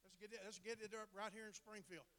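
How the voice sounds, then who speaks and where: A middle-aged man preaching a storytelling sermon, folksy and colloquial, building to loud emphatic bursts. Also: sits high, little pitch movement, fast. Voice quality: folksy, drawling, colloquial grammar. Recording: long hall reverb.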